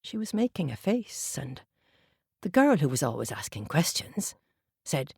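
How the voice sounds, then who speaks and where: Low, husky woman telling a story. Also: big pitch swings, no room sound, studio quality. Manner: slow, unhurried, gentle. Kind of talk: oral storytelling for children.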